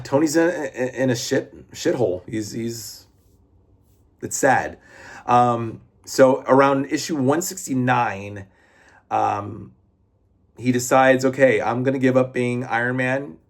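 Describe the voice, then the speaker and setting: Male reviewer, casual, rambling delivery, middle pitch. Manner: rambling, lots of fillers, restarts and swearing. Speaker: comic book reviewer.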